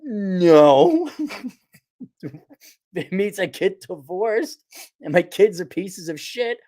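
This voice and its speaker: A man's voice: sits high, slow, darkish tone. Blunt, profane middle-aged man ranting. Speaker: podcast host. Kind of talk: casual ranting monologue.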